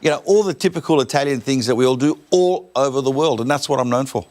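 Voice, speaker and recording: A middle-aged Australian man talks like a comedian on a morning show. He tells chatty, self-mocking stories and jokes about his family. His voice sits at an ordinary middle pitch. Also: quick pace, darkish tone, faint music behind. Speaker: comedian guest. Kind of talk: joking talk-show chat.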